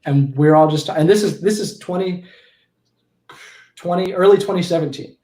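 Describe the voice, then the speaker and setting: A man's voice: high voice, normal speed, mellow, roomy sound. A man in his twenties, a podcast guest, telling stories casually, with frequent restarts and self-corrections. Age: 20s. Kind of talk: casual storytelling in a conversation.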